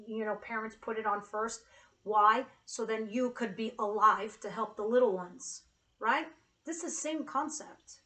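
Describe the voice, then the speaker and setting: A woman's voice: on the high side, a bit bright, poor audio. Earnest, emotional woman tarot reader. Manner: emotional, earnest and casually profane. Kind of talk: casual tarot reading to camera.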